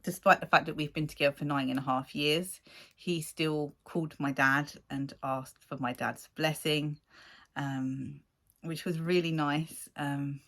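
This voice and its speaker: A woman's voice: low-pitched, unhurried. A woman in her forties casually telling a rambling story to camera, laughing often and acting out what people said. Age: 40s. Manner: rambling, animated, laughs often, acts out quotes. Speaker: vlogger.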